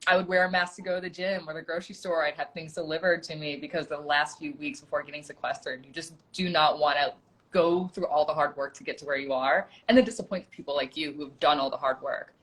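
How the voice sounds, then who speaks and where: Host, low-voiced woman, chatty and self-deprecating, on a video call. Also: fairly even intonation, fast talker, a bit bright. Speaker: host, former reality show contestant. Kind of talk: casual livestream chat. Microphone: phone or laptop on a video call.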